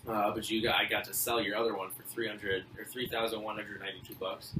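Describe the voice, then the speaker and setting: A young man co-hosting a casual podcast, talking in an animated, rambling way with frequent restarts. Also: lowish voice, fast, recorded from a distance. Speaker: podcast co-host. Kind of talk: casual chat. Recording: echoey room, off-mic, faint noise.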